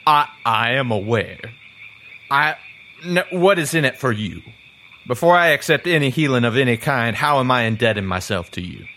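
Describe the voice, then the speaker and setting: A man's voice: medium pitch, expressive, moderate pace, sharp tone, slight background noise. A man voicing a blunt, irritable male crime boss who swears while bargaining. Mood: wary. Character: gruff male criminal boss, wounded and cussing.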